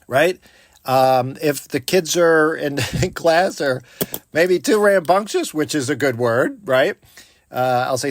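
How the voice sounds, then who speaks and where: A man's voice: mid-range voice, slow pace, vocal fry, dry recording, studio quality. A man who is a teacher, talking casually about vocabulary, acting out classroom quotes with lots of fillers. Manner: animated, acts out classroom quotes, frequent fillers. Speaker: teacher and podcast host. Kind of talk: casual educational talk.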